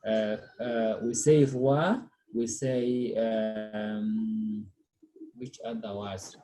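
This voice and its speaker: A man's voice: fairly low pitch, steady tone, very slow, warm tone. A man tutoring a student in French one on one, patient, repeating words and checking with "okay?". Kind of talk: one-on-one language lesson.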